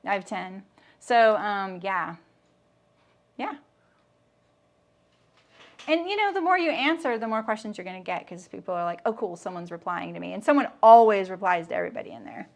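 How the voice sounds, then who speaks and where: A woman's voice: mid-range voice, animated, normal speed, pauses often. A middle-aged woman teaching a live sewing demonstration, chatting and answering viewer comments as she works. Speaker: sewing instructor.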